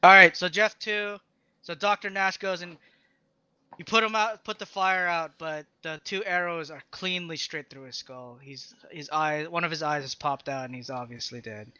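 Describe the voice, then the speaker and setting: A man's voice: on the high side, moderate pace, pushed and bright, clear, resonant tone, no echo, lo-fi sound. A man running a tabletop game as game master, talking casually with frequent fillers and restarts.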